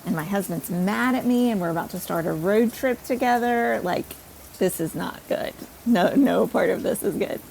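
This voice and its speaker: A woman podcast host telling a personal story in an animated, self-deprecating way. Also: mid-range voice, normal speed, vocal fry, a little hiss or hum, rough recording.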